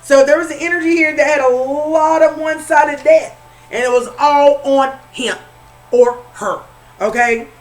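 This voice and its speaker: A woman's voice: sits high, fairly even intonation, a little slow, faint music behind, rough recording. A woman, giving a casual spiritual reading in a conversational, repetitive and emphatic way. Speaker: spiritual reader.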